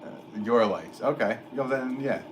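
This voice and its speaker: A potter from Connecticut chats casually on a live stream from his pottery studio, reading out comments. He rambles in an easygoing way full of fillers, with a mid-range voice at a measured pace. There's noisy background sound.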